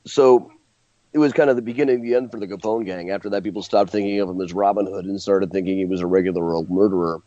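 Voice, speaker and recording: A man with a low, mellow voice talks on a radio show, spinning animated anecdotes and correcting himself as he goes. The sound is dry and slightly dull, like a plain studio mic. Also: quick pace, no echo. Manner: animated anecdotes with laughs and restarts. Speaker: guest historian and tour guide. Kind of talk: storytelling in a radio interview.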